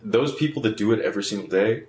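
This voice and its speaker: A man's voice: on the low side, fast talker, darkish tone. A man in casual conversation, blunt and laid-back, who swears casually. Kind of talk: casual chat. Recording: echoey room, far from mic.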